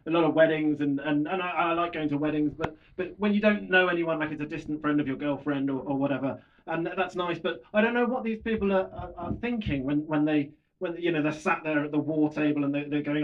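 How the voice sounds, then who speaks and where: Halting man doing shy stand-up. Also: a little high. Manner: hesitant, self-deprecating, halting restarts. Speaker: stand-up comedian. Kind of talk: stand-up routine. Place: small comedy bar stage. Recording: lo-fi club recording with audience laughter.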